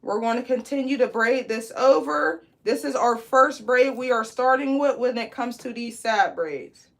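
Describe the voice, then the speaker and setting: A woman, teaching a live braiding class in a loud, chatty, encouraging way. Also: fairly high pitch, normal speed. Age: 20s. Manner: chatty, encouraging, reads comments aloud. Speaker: braid instructor.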